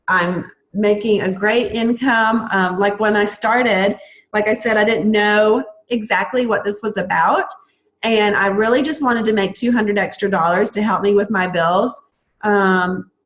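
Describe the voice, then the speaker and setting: A woman's voice: medium pitch, rough recording. A young adult woman, a fitness coach, talking enthusiastically on a recruiting call, with frequent ums.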